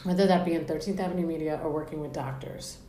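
A bubbly woman hosts a casual podcast chat. Her voice sits a little low and her talk is jokey. The room is echoey, with faint noise behind her. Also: fast, mellow. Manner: bubbly, laughs often, jokey. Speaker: podcast host. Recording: roomy with faint background noise.

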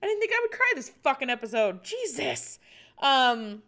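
A woman's voice: high-pitched, very animated, moderate pace, bright, forceful tone. A woman in her thirties hosting her own show, chatting alone in a rambling way, swearing and laughing often. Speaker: podcast host. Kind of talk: casual solo chat.

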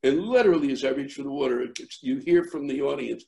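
A middle-aged man, a comedian, telling a rambling story in conversation with many fillers and restarts, acting out shouting crowds. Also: a little high, quick pace, creaky, hardly any pauses. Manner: animated, acts out shouting crowds. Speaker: comedian guest.

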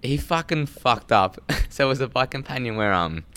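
A man's voice: medium pitch, lively intonation, moderate pace, a bit bright, smooth. A man chatting casually on a podcast, rambling, laughing and swearing often, on a studio mic. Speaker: podcast guest. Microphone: studio mic with headphones.

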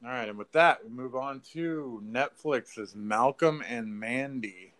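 A man co-hosting a podcast, chatting casually about a film, swearing freely and acting out lines in a high mocking voice. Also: slow, fairly bright tone. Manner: loose, profane, acts out lines in a high mocking voice. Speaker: podcast co-host. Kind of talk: casual movie review chat.

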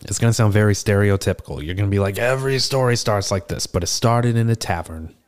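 A seasoned tortle cleric, played by a man, spins a long tavern yarn in a low voice. He rambles casually, tripping over fillers and starting his sentences again. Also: fast, a little hiss or hum, lightly acted. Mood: conspiratorial. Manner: chatty and rambling, full of fillers and restarts. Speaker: player character in an improvised tavern scene. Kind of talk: improvised in-character storytelling.

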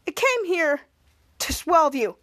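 A woman's voice: very high voice, very animated, slow pace, fairly bright tone, full character voice. A woman voicing a bossy grown male superhero giving orders.

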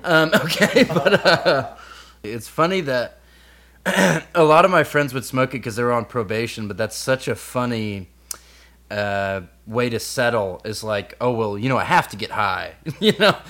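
This young man riffs in casual podcast chat, full of jokey asides and quick banter. His pitch swings widely from line to line. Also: animated, a bit bright. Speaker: podcast co-host.

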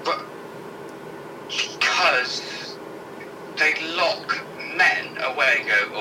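A man's voice: mid-range voice, expressive, extremely slow, long pauses. A man co-hosting casual banter, reading news headlines aloud in an irreverent, sweary way and stumbling over the words. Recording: distant mic with loud background noise.

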